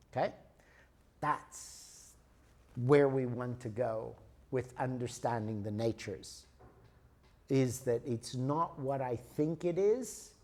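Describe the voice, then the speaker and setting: A man's voice: on the high side, a little mellow. Man lecturing in a casual, chatty way. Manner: conversational, checks in with listeners often. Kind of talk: teaching a lecture with personal stories.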